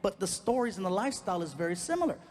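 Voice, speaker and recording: A male stand-up comedian telling a personal story on stage, animated and acting out each person in it. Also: high voice, racing. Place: comedy stage in a large venue. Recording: live hall with faint noise.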